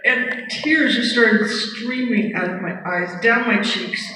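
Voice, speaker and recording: A woman's voice: on the high side, slow pace, bright, forceful tone. Woman telling funny stories on a stage. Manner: chatty, self-mocking, swears casually. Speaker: stage performer. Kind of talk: comedic stage storytelling. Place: large theater stage before a live audience. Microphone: audience camera far from the stage. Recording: distant echoey theater audience recording. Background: audience laughter and hall noise.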